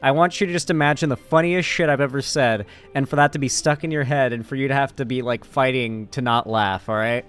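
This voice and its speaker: A man streaming casually, joking and reading his chat aloud in an animated way. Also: mid-range voice, a little fast, few pauses, clear, resonant tone, soft background music. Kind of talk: casual live-stream commentary.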